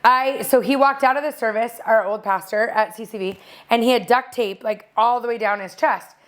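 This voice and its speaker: A woman's voice: a little high, normal speed. A woman co-hosting a podcast, talking candidly in casual chat. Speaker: podcast co-host.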